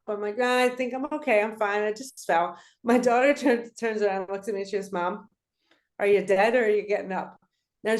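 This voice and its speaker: A woman in her forties speaks as a podcast guest at a mid-range pitch. She tells her stories with lively, casual energy and acts out the people she quotes. Her voice carries a noticeable roomy echo. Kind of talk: casual conversational interview.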